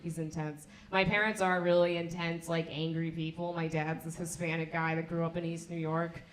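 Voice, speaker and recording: A woman's voice: low voice, moderate pace, a little hiss or hum. Self-mocking young woman comic, echoey room. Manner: animated, self-mocking storytelling. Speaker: stand-up comedian. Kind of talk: stand-up set.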